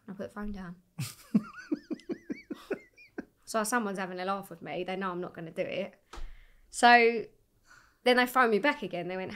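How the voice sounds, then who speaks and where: A young woman, a singer, telling her story in a casual interview, animated and swearing freely as she acts out what people said. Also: medium pitch, fairly quick, long pauses. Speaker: singer guest.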